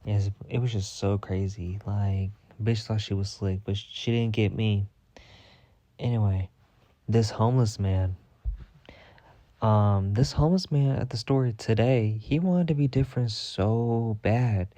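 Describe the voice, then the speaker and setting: A man's voice: lowish voice, measured pace, mellow, no room sound. A man hosting a storytime podcast, telling a story in a sassy, dramatic way with heavy cursing. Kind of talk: casual profane storytime rant.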